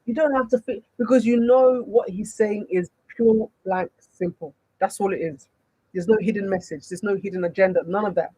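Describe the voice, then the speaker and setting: A woman's voice: medium pitch, fairly even intonation, moderate pace, mellow, husky, no echo, rough recording. A woman with a Nigerian accent, a dating coach answering chat questions on a livestream, emphatic and full of rhetorical questions.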